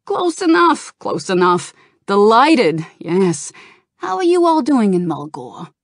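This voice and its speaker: A woman voicing a scheming male goblin leader, loud, chirpy and mocking. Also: mid-range voice, big pitch swings, slow, no room sound, studio quality, pitched above the performer's own voice, heavily acted. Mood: smug.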